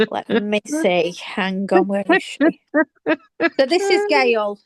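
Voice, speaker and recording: A woman's voice: mid-range voice, big pitch swings, slow pace, no room sound. A woman co-hosting a casual late-night radio chat show in a studio, a playful storyteller who laughs often. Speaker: radio show co-host and singer.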